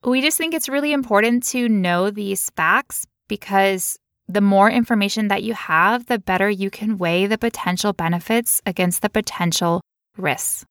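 A woman co-hosting a casual podcast, playful and quick to laugh as she explains things at length. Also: medium pitch, fairly bright tone, dry recording, studio quality. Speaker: podcast co-host.

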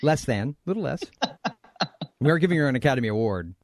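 A man's voice: mid-range voice, animated, fast, no echo, studio quality. A man hosting a podcast in casual chat, joking and rambling with frequent laughs. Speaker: podcast host.

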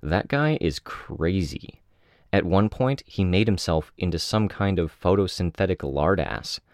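A man's voice: deep voice, expressive, a little slow, no echo, studio quality. A man voicing a brash young male hero in an audiobook, wry and mocking, with crude jokes. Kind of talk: audiobook character voice.

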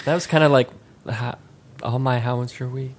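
A podcast co-host chats casually, rambling and restarting his sentences a lot. He has a mid-range voice, speaks at normal speed and keeps his intonation fairly even.

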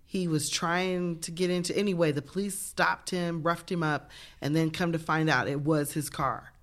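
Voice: mid-range voice, steady tone, normal speed, fairly bright tone. A speaker in a casual discussion who retells a story in a rambling, hesitant way.

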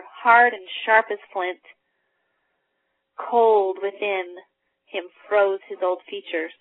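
A woman's voice: mid-range voice, dry recording. Woman teaching on a call, reads aloud, earnest, repeats words for emphasis, dry tinny phone sound. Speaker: family mentor trainer.

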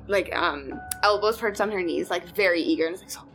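A woman's voice: lowish voice, brisk, a bit bright, soft background music, rough recording. A woman playing a tabletop game who chats about her moves and says "like" a lot. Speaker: player. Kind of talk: casual tabletop play.

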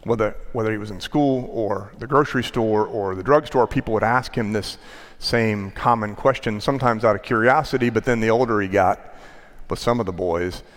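A male pastor delivering a sermon, telling a story with measured pauses and a storyteller's rhythm. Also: on the low side. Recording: long hall reverb.

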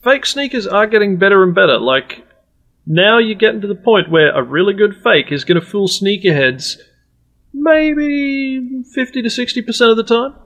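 A man co-hosting a casual podcast and cracking crude, sarcastic jokes. His voice sits a bit high and swings widely in pitch. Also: lively intonation, normal speed, fairly bright tone. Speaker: podcast co-host. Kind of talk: casual chat.

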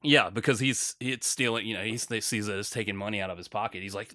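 A man telling a profane story in casual chat, with loud reenacted shouting. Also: fairly low pitch, steady tone, fast. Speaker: podcast co-host.

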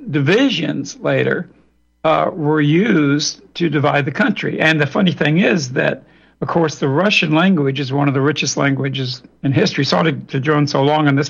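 Gravelly man lecturing on radio. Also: a little high. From Louisiana, US. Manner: lecturing, digressive, many restarts. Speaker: radio show guest. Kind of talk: radio interview monologue. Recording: dull lo-fi radio audio.

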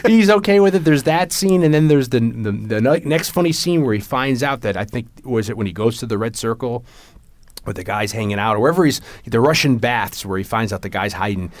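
A man in casual chat, excitedly retelling movie scenes and acting out the lines, laughing often and restarting his sentences. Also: medium pitch, brisk.

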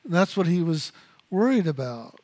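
A man with a notably high voice teaches a meditation practice. He speaks in slow, measured phrases and circles back to repeat his key words. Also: very animated, darkish tone. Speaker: spiritual teacher.

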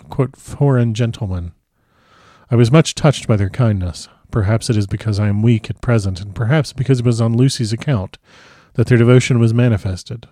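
Man reading an old novel aloud, mellow dark voice, dry close mic. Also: on the low side, no room sound. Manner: measured, formal period diction. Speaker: audiobook narrator. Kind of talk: scripted first-person narration.

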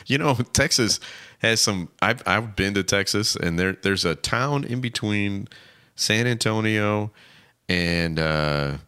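Middle-aged male co-host, low-pitched with a bright edge, wry deadpan humor, casual chat. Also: slow, smooth, no room sound. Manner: dry, wry jokes. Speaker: podcast co-host.

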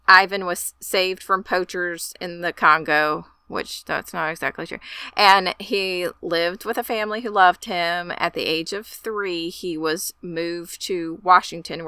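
A woman's voice: fairly low pitch, pushed and bright, smooth, dry recording. A woman co-hosting a casual chat, talking in a chatty, enthusiastic way. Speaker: podcast co-host.

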